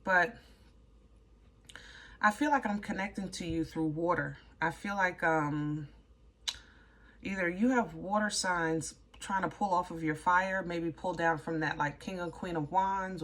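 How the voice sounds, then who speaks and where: Lady tarot reader, kinda low voice, chatty, gets all excited and trails off. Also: unhurried. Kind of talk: casual tarot reading.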